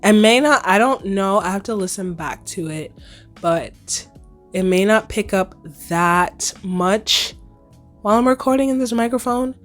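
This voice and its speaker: A young woman in her twenties hosting her own podcast, casually chatting in a slightly hoarse voice, playful and full of slang. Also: medium pitch, measured pace, faint music behind. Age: 20s. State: hoarse, recovering lost voice. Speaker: podcast host. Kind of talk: casual solo podcast chat.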